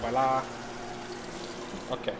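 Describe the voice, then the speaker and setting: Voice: medium pitch, little pitch movement, takes it slowly, very noisy. A podcast host talking casually while cooking at home, rambling, laughing and swearing through each step. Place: home kitchen.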